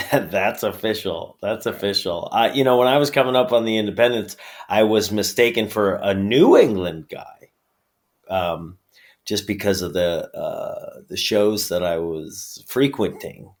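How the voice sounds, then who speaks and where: A man from upstate New York with a New York accent, chatting casually as an interview guest, laughing often and filling pauses with ums. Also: fairly low pitch. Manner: relaxed, laughs often, many fillers. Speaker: guest, pro wrestler.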